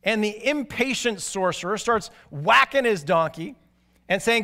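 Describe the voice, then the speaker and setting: A man preaching a sermon, telling stories animatedly and moving from excited to hushed and grave. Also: high-pitched, a little slow. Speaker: pastor.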